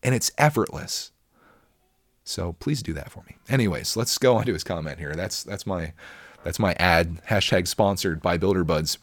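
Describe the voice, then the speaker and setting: A man's voice: deep voice, moderate pace, dry recording. A middle-aged man hosting a podcast, chatting enthusiastically and reading out listener comments. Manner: enthusiastic and chatty, many restarts. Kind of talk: casual chat.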